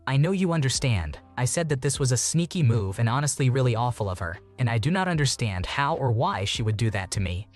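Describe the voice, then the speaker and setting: A man reading online posts aloud in an even, steady voice and adding short comments of his own. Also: medium pitch.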